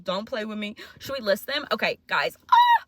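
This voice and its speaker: Bright-voiced young New Zealand woman. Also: mid-range voice, animated, fairly quick, no echo. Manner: chatty, self-mocking, jokey. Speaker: vlogger. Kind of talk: casual confessional vlog.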